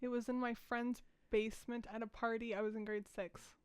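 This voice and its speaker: A woman's voice: on the high side, flat delivery, brisk, a little mellow, clean tone, dry recording. A young adult woman co-hosting a casual chat show who laughs often and tells stories expressively. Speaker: podcast co-host.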